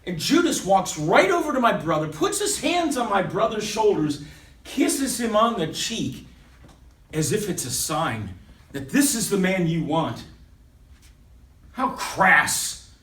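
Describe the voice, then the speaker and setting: A man performing a first-person dramatic monologue, swinging between loud urgency and hushed intensity. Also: high voice, very animated, measured pace. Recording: echoey room, voice from a distance.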